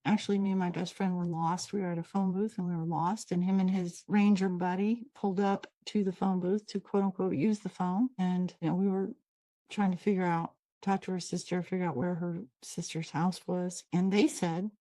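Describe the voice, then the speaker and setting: A low-pitched woman with a Pacific Northwest American accent talks through a lesson in a chatty, upbeat way, drifting off on side stories. Her tone is warm and mellow. The sound is close and dry, recorded on a computer mic. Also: little pitch movement, normal speed, no echo. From Washington State, USA. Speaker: host and trainer. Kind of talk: casual teaching talk, recorded online.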